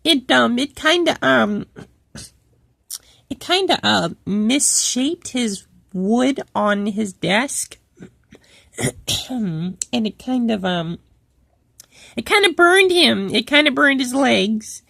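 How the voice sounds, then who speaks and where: A woman's voice: on the high side, expressive, slow pace, creaky, pauses often, a bit bright, no room sound, heavily acted. A woman voicing an indignant, preachy female cow office worker in a storytime vlog, rambling with many fillers and restarts. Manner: preachy, quotes Bible verses. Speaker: channel host.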